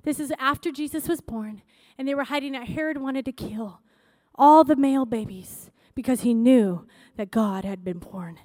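Woman preaching, very high voice, excitable, shouts at times, dry close sound. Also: moderate pace, dry recording. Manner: conversational, animated preaching. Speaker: pastor. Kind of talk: sermon.

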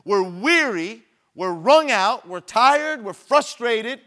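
A man's voice: extremely high pitch, lively intonation, takes it slowly, sharp tone. A man preaching a sermon, telling a personal story and building to emphatic preaching.

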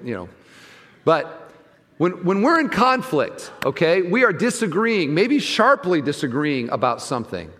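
A middle-aged male pastor preaching to his congregation in a fairly high voice. He talks conversationally, dropping to quiet asides and building to loud emphatic peaks. The sound carries a long church reverb. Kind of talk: sermon. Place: church sanctuary.

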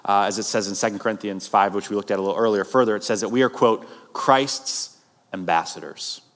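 A man's voice: fairly low pitch, brisk, fairly bright tone. A male pastor preaching a sermon, conversational, with rising emphatic bursts. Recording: long hall reverb.

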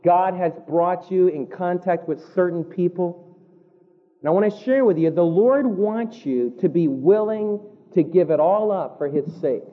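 A man preaching a sermon in vivid storytelling style. He slows down to stress key words and speeds up for asides. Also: high-pitched. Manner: vivid storytelling, shifts between slow emphasis and quick asides. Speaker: pastor. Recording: tinny phone-like sound.

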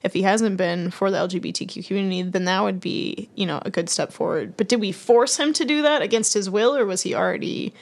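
A woman's voice: medium pitch, a little fast, creaky, hardly any pauses. A woman co-hosting a podcast in casual chat, rambling and giggling as she talks. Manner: chatty, giggly, rambling with fillers. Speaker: podcast co-host.

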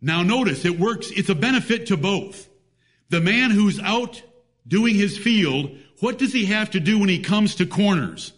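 High-voiced man preaching a sermon. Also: animated, a little slow. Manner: emphatic, reads scripture in old-fashioned biblical wording.

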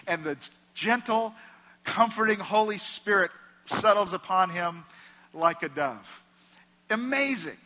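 Bright-voiced man preaching in an echoing hall. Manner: impassioned preaching, dropping low for quoted voices. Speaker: pastor. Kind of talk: sermon. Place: church sanctuary. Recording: echoey hall reverb.

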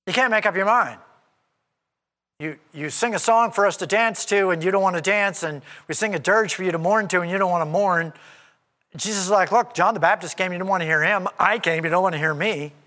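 A male preacher with a high, bright voice that swings widely in pitch, delivering an animated, conversational sermon. A long hall reverb trails behind each phrase. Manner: animated and conversational, acts out quoted speech. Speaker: pastor.

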